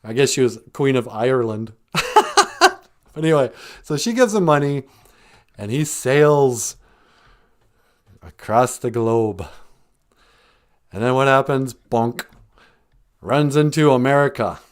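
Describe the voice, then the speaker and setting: A man's voice: mid-range voice, lively intonation, a little slow, long pauses. An older man hosting a podcast, joking sarcastically and laughing often as he talks. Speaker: podcast host. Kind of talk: comedic casual chat.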